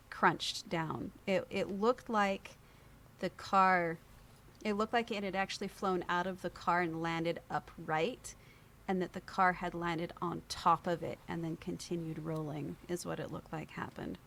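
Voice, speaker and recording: A woman guest on a podcast, telling a personal story in lively conversation and acting out the voices of people she quotes. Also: fairly low pitch, a little slow, creaky, a little hiss or hum.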